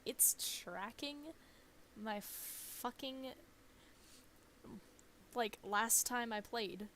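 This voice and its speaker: A woman's voice: on the high side, extremely slow, fairly bright tone, a little hiss or hum. A young woman streaming a game, chatting casually, laughing often and swearing offhand. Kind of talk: casual let's-play chat.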